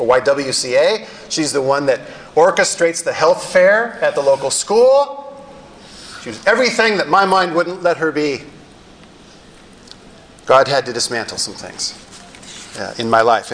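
A middle-aged male pastor telling stories in a sermon, animated and wryly self-deprecating. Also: mid-range voice, slight background noise, rough recording. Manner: animated storyteller with wry self-deprecating humor. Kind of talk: sermon storytelling.

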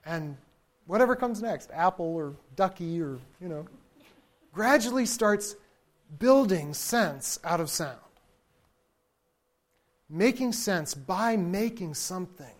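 Lecturing a room slowly and pausing often, a man whose voice sits high speaks in a chatty, informal way, turning to listeners for agreement. He's animated, laughs lightly at his asides, and occasionally imitates a baby's babble to illustrate something.

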